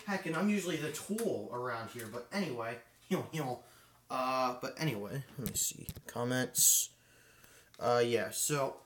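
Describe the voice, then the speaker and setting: A man's voice: medium pitch, animated, unhurried, a bit bright, a little hiss or hum. A man chatting casually on a live stream while working with his hands, rambling with lots of fillers. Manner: rambling, filler-heavy, thinking aloud. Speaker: live streamer, fire alarm hobbyist. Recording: roomy echo.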